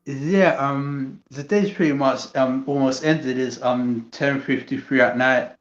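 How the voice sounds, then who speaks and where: A man's voice: mid-range voice, fairly even intonation, measured pace, roomy sound, lo-fi sound. A man, talking in a casual chat on a call, often stumbling and restarting his sentences. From England. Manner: hesitant, many restarts and fillers. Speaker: guest.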